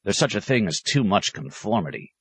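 A fussy, irritable traveler , as a man voices him, who grumbles low and exasperated. The voice is deep and heard in a storybook reading. The recording is close and dry. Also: very animated, fairly quick, a bit bright, slightly rough, dry recording, exaggerated voice. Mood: grumbling. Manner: complaining, exasperated. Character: grumbling male companion of the scholar, fussy and irritable.

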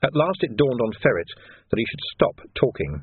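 Brief: male audiobook narrator, wry and expressive, husky voice with a lively pitch; dry, tinny phone-like sound. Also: moderate pace, no room sound. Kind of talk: scripted narration.

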